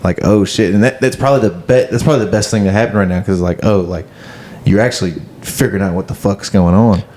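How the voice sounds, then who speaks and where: A young man co-hosting a podcast in casual chat, halting and reflective, full of fillers. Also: on the low side, a little mellow, a little hiss or hum. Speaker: podcast co-host.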